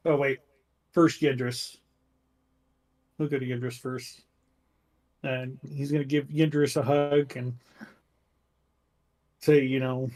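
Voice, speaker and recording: A man playing a tabletop role-playing game, casually describing his character's actions with many pauses and fillers. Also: mid-range voice, little pitch movement, darkish tone. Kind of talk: casual play narration.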